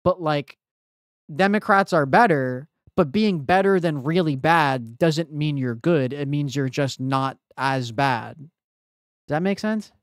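A young man with a fairly high, slow voice streams a game, chatting casually and answering his chat. The recording is dry and of studio quality.

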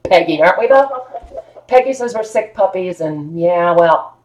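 A woman with a fairly low voice hosts a live online sale of old books. She chats playfully and gushes over the paper and maps. Her talk is loose and easygoing. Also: lively intonation, normal speed, a little mellow. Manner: gushing, playful, chatty about old books. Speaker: host selling vintage books on a live stream. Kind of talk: casual live sale chat.

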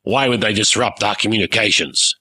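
A man voicing a gruff, blustering pirate airship captain who barks orders. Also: lowish voice, a little fast, sharp tone, dry recording, exaggerated voice. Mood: gruff commanding.

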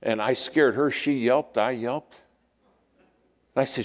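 A man preaching a sermon in a church, telling stories and acting out the quotes with lively shifts of voice. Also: medium pitch, measured pace. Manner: storytelling with lively acted-out quotes. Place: church sanctuary. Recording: long hall reverb.

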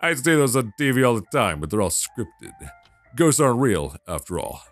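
A man voicing a deadpan male store manager in a video game, speaking in a lowered, matter-of-fact voice. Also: moderate pace, faint music behind.

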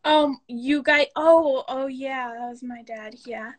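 A teenage girl chatting excitedly as a fan guest on a live stream, giddy and a little breathless. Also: sits high, slow pace, crowd noise. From United States. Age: teens. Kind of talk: excited casual chat.

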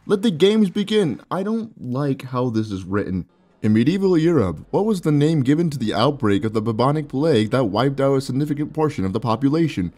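Young man, gaming commentary, playful and joking, sore mouth, middle pitch. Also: animated, brisk, warm tone, faint music behind. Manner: playful, joking, laughs often, reads game text aloud. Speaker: gaming YouTuber. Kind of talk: let's play commentary.

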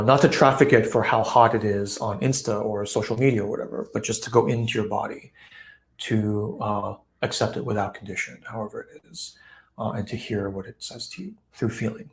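A man hosting an online live session, reflecting on a folk tale in a relaxed way, with many fillers and the odd laugh. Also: on the low side. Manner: relaxed, frequent fillers, acts out quoted voices with laughs. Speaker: host.

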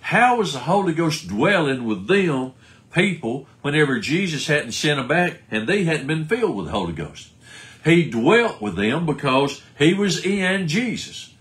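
A man's voice: on the high side, sing-song, measured pace, a bit bright. A man preaching a sermon, firing rhetorical questions and answering them himself while quoting scripture.

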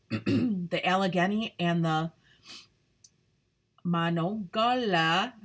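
A woman's voice: on the low side, a bit bright. A woman reading a children's storybook aloud carefully to young listeners. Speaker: troop leader reading aloud.

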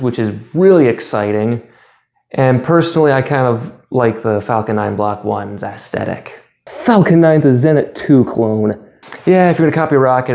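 Male host, mid-pitched, dry sarcastic commentary delivery. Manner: sarcastic, deadpan asides. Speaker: YouTube channel host.

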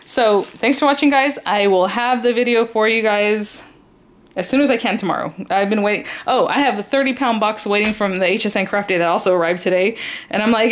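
Unboxing craft supplies, a woman who runs a crafting YouTube channel talks a little fast in a medium pitch. Her chatter is casual, enthusiastic and rambling, packed with fillers.

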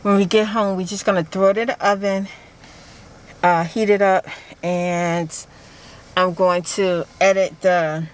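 A woman's voice: medium pitch, fairly even intonation, unhurried, low-quality recording. Chatty woman vlogging from her car. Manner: chatty, rambling, laughs often. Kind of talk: casual vlog chat.

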